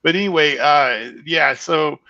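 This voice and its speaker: A man with a bright, forceful and fairly high voice tells lively behind-the-scenes stories over a video call. He swears freely and fills his talk with "uh" and "you know." The call audio is dry and a little muffled. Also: measured pace, gravelly, no echo. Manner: animated, swears freely, many fillers. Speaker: horror film director, guest. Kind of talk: casual anecdotal storytelling.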